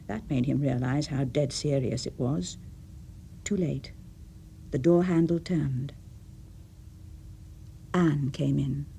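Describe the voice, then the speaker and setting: A woman with an English accent reading a short story aloud for radio, with expressive storytelling. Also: sits low, creaky, breathy edge. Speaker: reader.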